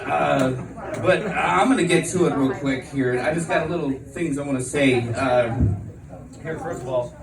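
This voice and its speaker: A man in his forties doing a stand-up comedy set, telling brash, profane stories in bursts of excitement. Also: a little high, normal speed, creaky. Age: 40s. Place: comedy venue with a live crowd. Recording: echoey room recorded from a distance, crowd audible. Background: audience laughter.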